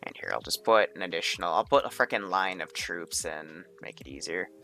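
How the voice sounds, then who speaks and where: A man's voice: deep voice, expressive, a little fast, vocal fry, sharp tone. A man running a multiplayer military game session, thinking aloud in an offhand way and swearing casually. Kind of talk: casual gameplay commentary.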